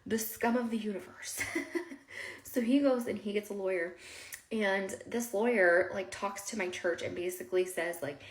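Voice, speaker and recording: A woman's voice: mid-range voice, moderate pace, creaky. A woman telling her own story with strong emotion, acting out what people said in raised voices. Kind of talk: personal storytelling. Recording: echoey room.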